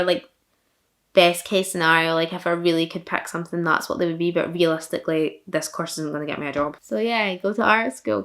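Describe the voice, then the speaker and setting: A woman's voice: fairly low pitch, a bit bright. A young woman from Fife with a thick Fife Scottish accent, chatting casually while answering viewer questions in a vlog. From Fife, Scotland. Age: young adult. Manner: chatty, self-deprecating, many likes and laughs.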